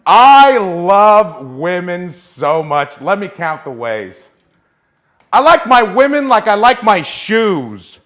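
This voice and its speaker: A man's voice: sits high, sing-song, slow, a bit bright. A man doing a stand-up comedy set, trading in self-mocking punchlines before a live audience. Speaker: stand-up comic. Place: small club stage with live audience.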